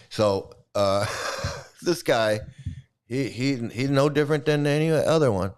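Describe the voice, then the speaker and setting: A man's voice: mid-range voice, a little slow, a little mellow, clean tone. A man hosting a commentary channel, giving an angry, profane and mocking rant. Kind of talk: ranting commentary.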